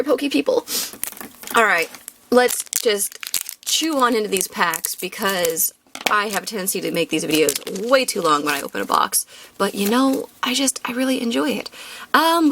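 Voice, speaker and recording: A young woman chatting casually in her apartment while opening card packs, rambling and jumping up in pitch when she names each card. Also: a bit bright, a little hiss or hum. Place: her apartment room, sitting on the floor.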